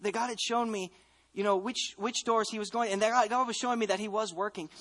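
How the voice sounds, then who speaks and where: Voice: medium pitch, steady tone, quick pace, a bit bright. A speaker from the United States giving a personal faith testimony, telling the story earnestly and reflectively, often restarting phrases.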